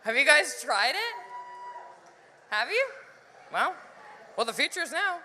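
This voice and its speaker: A woman performing live stand-up comedy, animated, acting out voices and laughing often. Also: high-pitched, slow, in a large hall, slight background noise.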